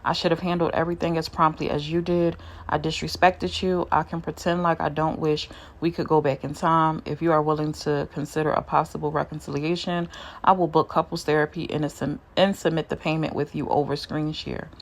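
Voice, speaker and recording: A woman reading aloud as a remorseful woman pleading with her ex for another chance, in a low, slow, subdued voice. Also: little pitch movement.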